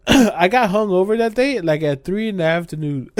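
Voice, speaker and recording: With a high-sitting voice and a very animated yet measured delivery, a young male podcast co-host tells a drunk story in casual chat. He swears often, acts out the quotes, and bursts out laughing, all in a dry, clean studio recording.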